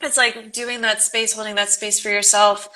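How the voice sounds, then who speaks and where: A woman's voice: medium pitch, flat delivery, normal speed, pushed and bright. A woman hosting a conversation about relationships, speaking earnestly and affirming the guest often. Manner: earnest, affirming, frequent agreement. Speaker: host. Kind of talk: casual conversation.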